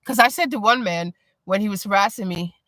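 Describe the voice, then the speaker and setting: A woman chatting casually on a live stream, blunt and animated, often breaking into laughter. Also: mid-range voice, brisk, no echo. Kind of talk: casual chat.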